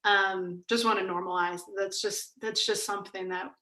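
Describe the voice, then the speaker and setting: A woman's voice: mid-range voice, steady tone, moderate pace, sharp tone, echoey room, poor audio. A woman who coaches meditation, talking casually and hesitantly on a video call, with frequent restarts. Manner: hesitant, many restarts and fillers. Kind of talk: casual conversation.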